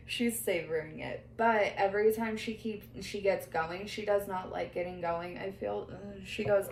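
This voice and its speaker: A woman's voice: medium pitch, steady tone, measured pace, gravelly, a little mellow. Woman medium in an echoey room. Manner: relays spirit messages, quoting the spirit, with bursts of laughter. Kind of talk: mediumship reading session. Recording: echoey room, faint background noise.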